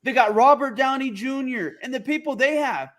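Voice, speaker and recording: A man co-hosting a casual pop culture podcast, opinionated and profane in animated banter. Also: very high-pitched, moderate pace. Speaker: podcast co-host. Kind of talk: casual chat.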